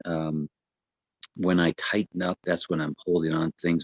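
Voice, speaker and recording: A man, a breathwork coach, explaining the practice in a gentle, unhurried way with many fillers and restarts. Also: extremely low pitch, dry recording, dull audio. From United States. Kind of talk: casual explanatory talk.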